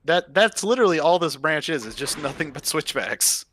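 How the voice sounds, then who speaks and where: A man's voice: on the high side, big pitch swings, moderate pace, a bit bright. A man chatting casually while playing a game, joking and punning as he rambles on. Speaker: game player and co-host. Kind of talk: casual gameplay chat.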